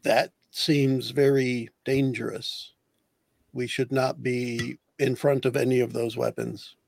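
A man chats as a player in a tabletop role-playing game, weighing plans in a careful, somewhat hesitant way. His voice has a gravelly fry, and it sounds close and dry. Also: medium pitch, flat delivery, slow, a little mellow, no room sound. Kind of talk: casual chat in a tabletop game.

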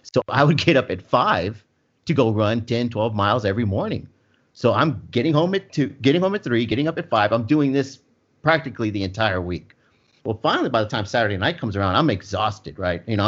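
A man telling a long funny story in casual chat, laughing often as he goes. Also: medium pitch. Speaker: storyteller guest. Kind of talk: casual anecdote. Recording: dull lo-fi sound.

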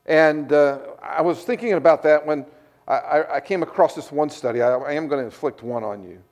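A middle-aged male pastor delivers a sermon with a fairly high voice. He often repeats words as he restarts a phrase. He tells his stories with lively energy. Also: fairly quick.

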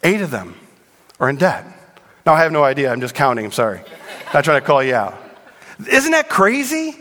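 Middle-aged pastor, high voice, lively and joking, hall reverb. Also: male voice, a little fast. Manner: animated, joking with the congregation. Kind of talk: sermon. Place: church sanctuary. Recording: long reverb in a large hall.

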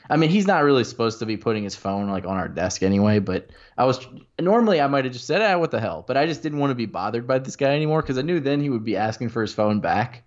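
A man's voice: mid-range voice, highs cut off. A young man co-hosting a sports podcast, telling a story casually and rambling with lots of filler words. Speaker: podcast co-host and sports reporter.

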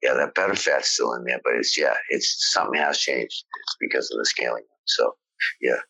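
Very deep, husky male co-talker. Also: moderate pace, pushed and bright, dry recording, rough recording. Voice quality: agreeable, lots of yeahs. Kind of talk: casual chat.

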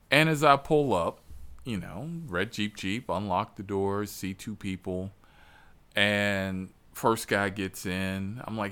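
Man, low voice, casual storytelling, animated, swears, acts out voices. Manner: profane, laughing. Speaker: podcast host and rideshare driver.

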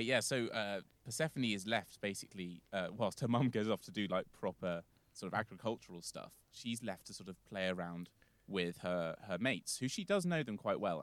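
A man's voice: on the low side, a bit bright, no echo. Rambling male storyteller, dry sound. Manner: rambling, filler-heavy retelling. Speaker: podcast guest storyteller. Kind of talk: casual storytelling.

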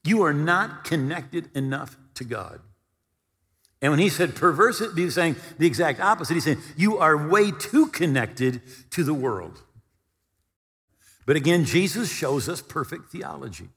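Male pastor, sermon delivery, dramatizes quotes, slightly raised pitch, long reverb tail. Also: expressive, unhurried, a bit bright. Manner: preaching with dramatic retellings of scripture quotes.

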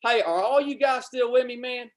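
Fervent preacher, loud bursts. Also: male voice, extremely high pitch, normal speed. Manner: fervent, repetitive, swells loud then drops to casual asides. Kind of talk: livestreamed sermon.

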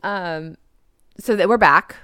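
A chatty woman co-hosting a podcast, laughing easily and filling her sentences with "like" as she recaps a film. Her voice is smooth and clear, recorded close and dry with no room sound. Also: on the low side, slow, sharp tone, no room sound. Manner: chatty, giggly, peppered with "like". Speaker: podcast co-host. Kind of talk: casual chat recapping a film.

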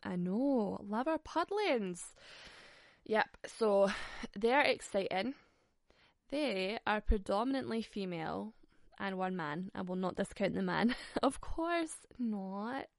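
A woman's voice: mid-range voice, animated, takes it slowly, gravelly, no echo, studio quality. Sweary, chatty woman podcaster. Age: 20s. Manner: chatty, sweary and frank, laughs often. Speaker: podcast host. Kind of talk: casual solo podcast chat.

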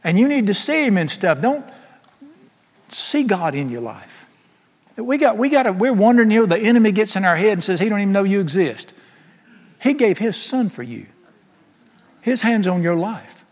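A middle-aged preacher delivers an emphatic, folksy sermon, breaking into humorous asides. His voice sits a little high for a man. It rings with a long reverb, as in a large church hall. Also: very animated, moderate pace, pauses often.

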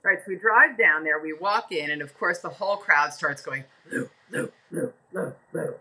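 An older American woman, a podcast guest, telling stories in a casual, animated way, laughing often and acting out the voices of the people in them. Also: deep voice, moderate pace, rough recording. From United States. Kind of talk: casual storytelling interview.

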